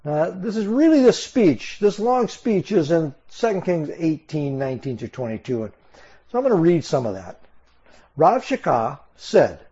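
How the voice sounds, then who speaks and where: A man's voice: fairly high pitch, sing-song, normal speed, dark tone, highs cut off. A man preaching an expository sermon, explaining a passage emphatically and sometimes restarting his phrases. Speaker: Bible teacher.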